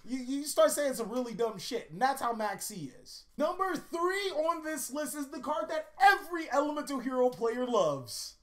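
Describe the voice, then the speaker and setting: Profane, joking woman host, higher voice. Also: expressive, normal speed, few pauses, a bit bright. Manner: profane, joking, tells rambling anecdotes. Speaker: YouTube card-game host. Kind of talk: casual comedic countdown commentary.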